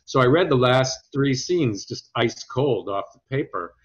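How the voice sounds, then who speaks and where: A man's voice: mid-range voice, measured pace, husky. A man, an actor being interviewed, telling anecdotes in a rambling, hesitant way. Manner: storytelling, hesitant restarts, quotes others in lively voices. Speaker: actor guest. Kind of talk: conversational interview. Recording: dull lo-fi audio.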